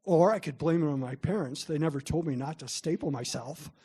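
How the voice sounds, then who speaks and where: A man's voice: a little high, fairly quick, mellow, slightly rough. A middle-aged man giving a parent workshop, telling chatty, self-deprecating stories to the room. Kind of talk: storytelling talk to parents.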